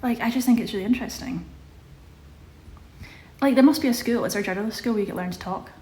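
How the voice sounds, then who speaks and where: A woman's voice: fairly high pitch, fast, mellow. A young woman chatting casually on a live stream, reading out viewer questions and answering them. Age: young adult. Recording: echoey room with faint ambience.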